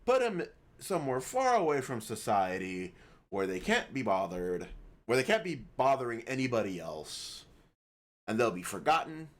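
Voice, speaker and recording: A young man talks casually over a video he is reacting to, rambling and cursing as he jokes. His pitch leaps and dips all over the place, never staying flat for long. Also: normal speed. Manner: profane, rambling, joking. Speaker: gaming YouTuber reacting to a video.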